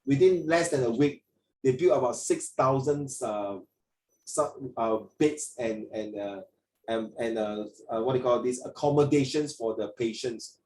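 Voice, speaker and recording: A man's voice: mid-range voice, unhurried, darkish tone, reverberant, recorded from a distance, slight background noise, poor audio. A man with a Singaporean English accent tutoring children in an online English lesson, rambling with many fillers and restarts. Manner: rambling, frequent fillers and restarts, mixes in Mandarin.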